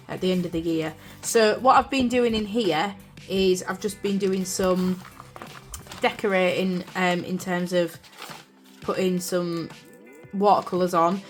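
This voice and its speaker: Chatty British woman vlogging. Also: fairly low pitch. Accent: British English. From United Kingdom. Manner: chatty and rambling, with frequent fillers and apologies. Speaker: journaling vlogger. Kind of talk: casual chat. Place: craft room indoors. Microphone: camera on a desk stand.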